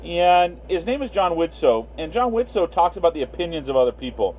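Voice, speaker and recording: A man's voice: a little high, sing-song, a little fast. A man hosting a casual livestream, rambling with many fillers and greeting viewers by name. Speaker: livestream host. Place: Las Vegas. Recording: tinny phone-line sound, faint hiss.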